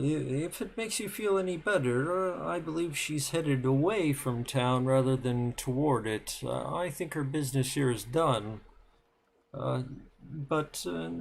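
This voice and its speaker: Gravelly man playing his tabletop character. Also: mid-range voice. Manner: hesitant, formal wording. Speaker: player. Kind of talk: in-character tabletop role-play.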